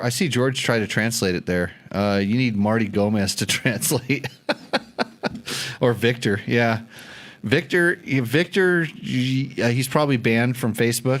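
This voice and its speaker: A man hosting a casual tech chat show, rambling and joking as he thinks aloud with lots of fillers. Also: medium pitch. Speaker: show host.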